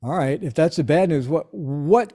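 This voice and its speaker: A middle-aged man telling an anecdote in an interview, lively and acting out the quoted voices as he goes. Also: a little high, normal speed. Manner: animated storyteller, acts out quoted voices. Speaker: interview guest. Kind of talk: storytelling anecdote.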